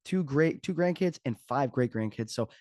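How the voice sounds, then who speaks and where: A man's voice: mid-range voice, expressive, normal speed, a little mellow, no room sound, studio quality. A man hosting his own podcast as a fitness coach, talking casually and joking off the cuff. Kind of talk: casual solo podcast talk.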